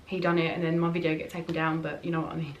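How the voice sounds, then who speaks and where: A woman's voice: sits low, level tone, very fast, recorded from a distance, highs cut off, slight background noise. A woman chatting frankly and casually while doing her makeup, rambling with fillers. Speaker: beauty vlogger.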